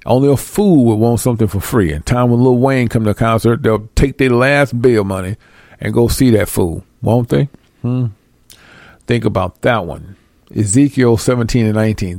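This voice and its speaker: A man's voice: mid-range voice, darkish tone, dry recording. Preaching man with a dry, close sound. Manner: reads verses slowly, then explains in quick, emphatic street talk. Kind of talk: sermon with scripture reading.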